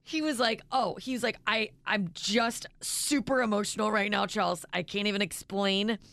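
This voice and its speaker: Chatty woman with a gravelly edge. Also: medium pitch, steady tone, moderate pace, fairly bright tone, dry recording. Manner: chatty, emotional, reads listener texts aloud. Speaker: radio co-host. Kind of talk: casual morning show chat. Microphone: studio microphone.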